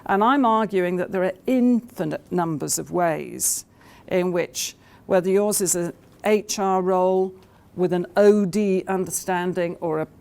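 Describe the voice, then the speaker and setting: A woman addresses a conference audience in a fairly low voice. She talks in a storytelling way, with frequent fillers and restarts. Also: unhurried, vocal fry, a little mellow. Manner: anecdotal, hesitant with many fillers. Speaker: conference speaker. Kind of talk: conference talk.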